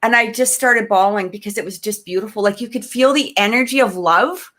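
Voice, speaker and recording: A woman from Canada, co-hosting a podcast, tells a personal story in a lively, emotional way, full of restarts and fillers. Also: mid-range voice, brisk. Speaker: podcast co-host. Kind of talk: casual storytelling in an interview.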